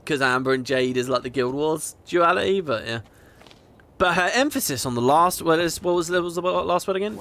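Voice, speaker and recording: Talking fairly quickly with a voice on the high side, a gaming video host reads in-game text out loud. His commentary is playful and mock-dramatic, full of chuckles and casual chatter.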